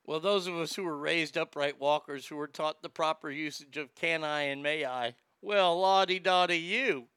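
A man's voice: fairly high pitch, moderate pace, few pauses, clean tone, dry recording, clean studio sound. A man streaming casually, mocking etiquette advice with a crude, sarcastic, profane manner. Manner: animated, jumps into loud shouts. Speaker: streamer reacting to etiquette tips.

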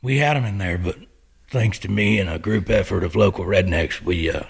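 Gravelly deep-voiced man. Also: brisk. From Missouri, USA. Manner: laid-back storyteller, rambling with fillers. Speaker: guest. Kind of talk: casual podcast chat.

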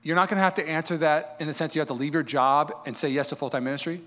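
A male pastor preaching a sermon in a fervent, fired-up manner with quick repeats. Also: fairly high pitch, fairly even intonation, a bit bright.

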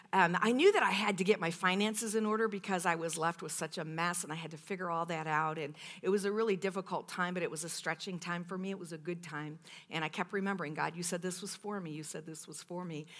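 A fairly low-pitched woman in her fifties animatedly recounts her personal testimony to a women's meeting, reenacting her former outbursts amid frequent laughter.

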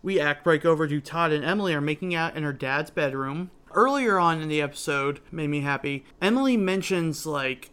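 A man's voice: a little high, a little fast, few pauses, smooth. A man co-hosting a podcast, recapping an episode in casual chat and acting out quotes from the show. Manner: animated storyteller, acts out quotes from the show. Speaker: podcast co-host.

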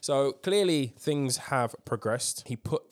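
A man's voice: mid-range voice, lively intonation, slow pace. A man hosting a casual current-affairs podcast, telling a story emphatically with swearing and lots of ums. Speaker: podcast host.

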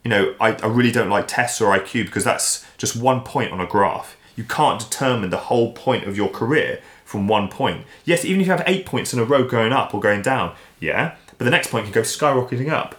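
A man as a podcast guest, talking in a casual, animated way and acting out the voices he quotes. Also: mid-range voice, brisk, hardly any pauses. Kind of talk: casual interview chat. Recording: roomy echo.

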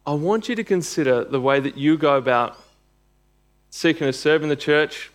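A man's voice: a little high, moderate pace. A man preaching a sermon and reading scripture aloud, earnest and emphatic, building to bursts of intensity.

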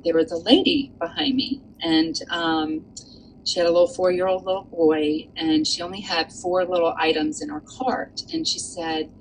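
A woman author, a guest, telling a personal story in an earnest, animated way with many fillers. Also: lowish voice, a little hiss or hum, low-quality recording. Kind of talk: storytelling in a casual chat.

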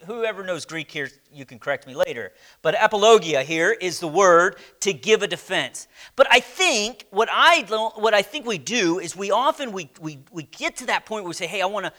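A man's voice: high voice, pushed and bright. A man teaching a church Bible class, speaking emphatically, quizzing his listeners and letting phrase ends sink almost to a whisper. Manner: slow, emphatic, asks the class questions.

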